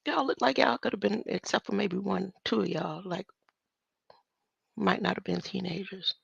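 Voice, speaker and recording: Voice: mid-range voice, normal speed, vocal fry, fairly bright tone, slightly rough, no room sound. A vlogger talking in a rambling casual monologue, musing and drifting from topic to topic and chuckling often. The sound is dull and lo-fi.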